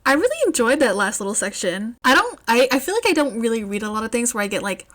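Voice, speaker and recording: Female podfic reader, expressive narration, lively and chatty. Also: fairly high pitch, fast. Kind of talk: fan fiction podfic narration.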